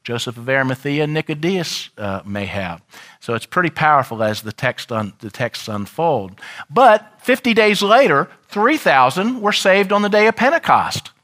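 Bright-voiced man preaching a sermon. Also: on the high side, very animated, moderate pace. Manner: preaching with dramatic shifts, shouting the crowd's lines. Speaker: pastor.

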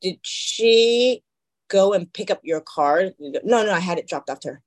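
A woman with a slightly husky, breathy edge chats as podcast co-host. She tells stories animatedly and slips into the voices of the people she quotes. The tone is casual and conversational. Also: on the low side, animated, measured pace. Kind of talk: casual chat.

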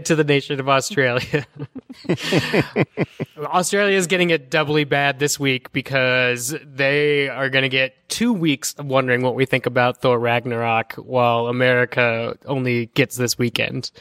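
Smooth-voiced man hosting a podcast. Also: medium pitch, fairly bright tone, dry recording, clean studio sound. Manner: steers the show, light teasing. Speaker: podcast host. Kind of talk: casual podcast chat.

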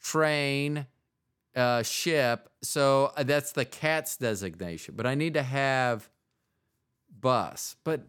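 A man's voice: mid-range voice, takes it slowly, fairly bright tone, clean tone. A man hosting a podcast, telling jokes and rambling in casual chat, often trailing off mid-sentence. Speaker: podcast host.

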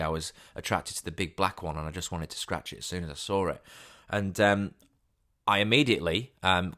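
A somewhat low-voiced man hosts a podcast alone, spinning a personal story in a loose, rambling monologue. He leans on ums and restarts and jumps up loud and high as the story peaks. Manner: rambling anecdote with many fillers and restarts, rising loud when excited. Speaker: podcast host.

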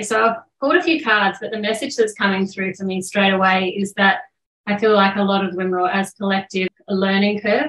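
A woman delivers an intuitive card reading in an earnest, flowing way. She sometimes searches for words. The recording has an echoey room sound. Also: mid-range voice. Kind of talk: channelled spiritual message.

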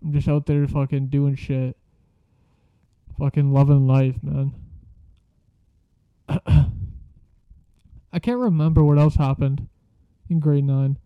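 A man's voice: medium pitch, steady tone, slow pace, long pauses, clean tone, no echo, lo-fi sound. A young man telling a rambling story in a casual, slangy way, swearing a lot.

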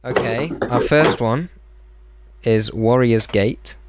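A man's voice: mid-range voice, slow pace, heavy background noise. A man co-hosting a casual podcast, telling stories and running the show's segments. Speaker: podcast co-host. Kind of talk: casual group chat.

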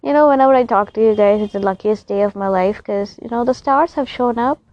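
A woman's voice: medium pitch, fairly quick, no echo. Chatty young woman vlogging, a bit muffled. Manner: rambling, chatty and emotional. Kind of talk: casual chat to camera. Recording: slightly dull recording.

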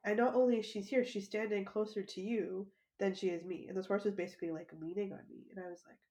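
A woman's voice: medium pitch, steady tone, fast talker, dark tone. A woman hosting a podcast, telling a personal story in a casual, chatty way, with frequent laughter and plenty of "like" as filler. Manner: chatty, laughs often, lots of "like". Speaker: podcast host.

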